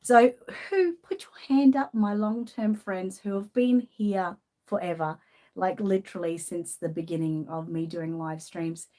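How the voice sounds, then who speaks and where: An Australian woman chatting on a live stream, greeting viewers by name between her thoughts and getting emotional and soft-spoken when she is sad. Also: medium pitch, a little slow. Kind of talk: casual live-stream chat.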